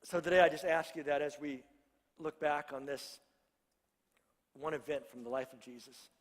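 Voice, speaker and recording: A male pastor with a notably high voice preaches in an easy, conversational way and banters with the congregation. His words ring out with a long reverb, as in a big sanctuary. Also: moderate pace. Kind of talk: sermon. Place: church sanctuary.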